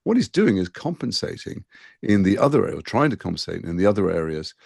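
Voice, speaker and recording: A man being interviewed about a role he played, talking quickly in a conversational way with frequent restarts. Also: low voice, sing-song, vocal fry, a little mellow, no room sound, studio quality. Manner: talks fast with frequent restarts and fillers. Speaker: actor interviewed as guest.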